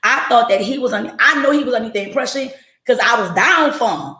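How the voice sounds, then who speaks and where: Her fairly high voice is expressive, bright and forceful, delivered briskly in a reverberant space. Hosting a podcast over a home livestream, she tells her story bluntly and profanely, talking directly to her chat.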